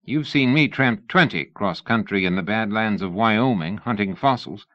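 A man reading an audiobook, voicing a wry, measured male scientist in a dull lo-fi recording. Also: fairly low pitch, expressive, sharp tone, no room sound.

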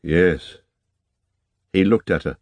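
A man narrating an audiobook in a calm, measured reading. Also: low voice, no room sound.

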